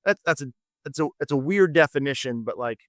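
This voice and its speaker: A man's voice: fairly high pitch, lively intonation, a little fast, dry recording. A middle-aged man as a podcast guest, talking in a rambling, earnest way, often searching for words. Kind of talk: casual podcast chat.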